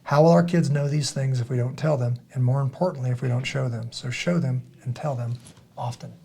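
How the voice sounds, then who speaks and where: Speaking briskly in a gravelly, medium-pitched voice, a middle-aged man hosts a podcast and shares stories earnestly and casually. He animates them by acting out the quotes, and a little hiss or hum is audible.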